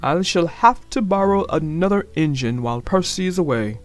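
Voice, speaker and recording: A woman's voice: fairly low pitch, animated, moderate pace, faint music behind, voice pushed down, natural voice. A woman voicing a stern, formal older railway boss in a storybook.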